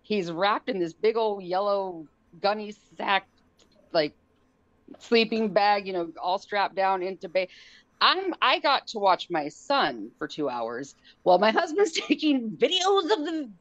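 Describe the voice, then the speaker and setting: A woman telling a story on a podcast in a casual way, acting out the quotes in a high, excited voice. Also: a little slow, dry recording, lo-fi sound. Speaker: guest.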